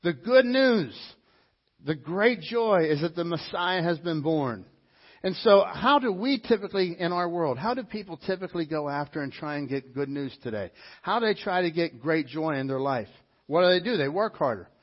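A man's voice: a little high, animated, normal speed, highs cut off. A man, a pastor, preaching a sermon in a conversational, emphatic way, often restarting his sentences.

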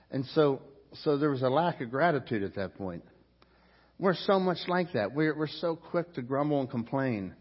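A man's voice: fairly high pitch, expressive, moderate pace, highs cut off. Man preaching a chatty sermon. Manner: conversational preaching with rhetorical questions and repetitions. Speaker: pastor.

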